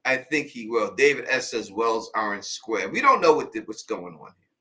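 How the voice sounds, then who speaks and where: Casting: New York man, bright forceful voice, rambling stream host. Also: on the low side, expressive, moderate pace. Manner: rambling, repetitive, thinking aloud. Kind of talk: casual live-stream theory talk.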